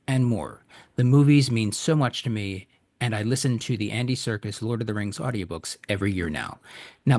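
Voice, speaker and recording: A man hosting a podcast, chatting casually with a self-deprecating laugh and reading out a listener's email. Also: mid-range voice. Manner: chuckling, self-deprecating, restarts often. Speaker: podcast host.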